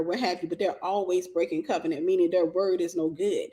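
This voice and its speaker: Animated woman telling stories with laughs. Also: on the low side, fairly quick. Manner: animated, bursts into laughter, vernacular. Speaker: ministry host giving dating advice. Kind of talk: casual storytelling and teaching.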